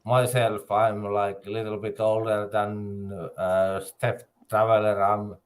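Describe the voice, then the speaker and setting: A man in his fifties in a casual chat, speaking haltingly with non-native grammar. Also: lowish voice, level tone. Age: 50s. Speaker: chat participant.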